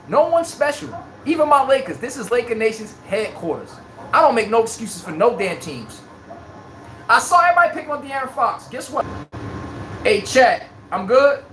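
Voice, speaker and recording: A man's voice: very high voice, big pitch swings, moderate pace, a bit bright, roomy sound, slight background noise. A man hosting a live sports fan stream, trash-talking rival fans, reading out chat comments and laughing often. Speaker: sports livestream host.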